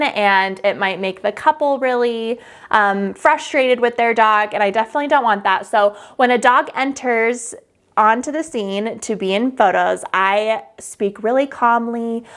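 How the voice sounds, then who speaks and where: A woman wedding photographer giving a casual tutorial to camera, chatty and upbeat, with frequent "um" and "like". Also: fairly high pitch.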